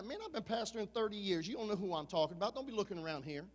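A man in his fifties, a pastor preaching an impassioned sermon that swings from shouting to low, confiding talk. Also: animated, very fast, big-room sound.

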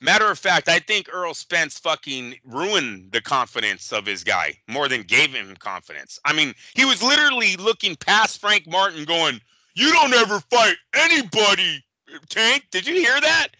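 High, bright-voiced man ranting profanely. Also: lively intonation, moderate pace, few pauses, no room sound, rough recording. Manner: profane, ranting, mocks others in put-on voices. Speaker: boxing show co-host. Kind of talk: casual podcast chat.

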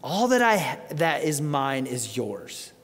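A patient, loving father, voiced by a man in the middle of a sermon, speaking low and soft. The quiet words trail into a long church reverb. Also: big pitch swings, slow, husky, heavily acted. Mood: tender. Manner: soft, tender reassurance.

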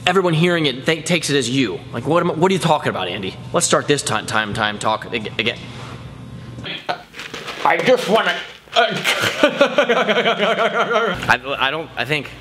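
A man's voice: fairly high pitch, sing-song, moderate pace, pauses often, noisy background. A young man who vlogs, rambling goofily and tripping over his own words in casual bloopers. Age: young adult. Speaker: YouTuber.

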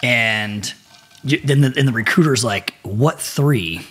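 A middle-aged man, a podcast guest, telling animated stories with a lot of swearing. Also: medium pitch, moderate pace, breathy edge. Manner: profane and animated. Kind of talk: casual storytelling.

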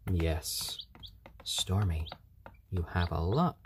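A low-voiced man chats slowly on a live stream, his tone calm and soothing and his pitch swinging up and down as he coos at baby chicks. Their chirping is clearly heard behind him. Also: noisy background. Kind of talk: casual live-stream chat.

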